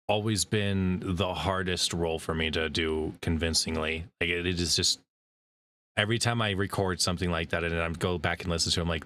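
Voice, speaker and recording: A man hosting a casual interview chat, chatty and quick to laugh, speeding up as he tells stories. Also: low-pitched, pushed and bright. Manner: chatty, laughs easily, speeds up when storytelling. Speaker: podcast host and voice actor.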